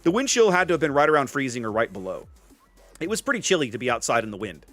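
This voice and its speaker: Fast-talking and medium-pitched, this Gulf Coast streamer hosts a casual gaming session in a dry recording with faint music behind him. He chats animatedly with viewers while playing, responding to their comments and reading out their chat names.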